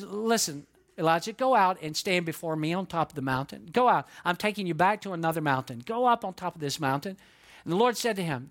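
Middle-aged male pastor, lively sermon delivery with acted-out quotes, voice sits high. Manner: animated, acts out quoted voices, repeats words for emphasis.

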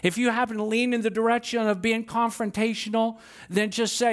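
A man's voice: very high-pitched, level tone, a little fast, few pauses. A man preaching a sermon, telling stories with acted-out quotes and light humor. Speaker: pastor.

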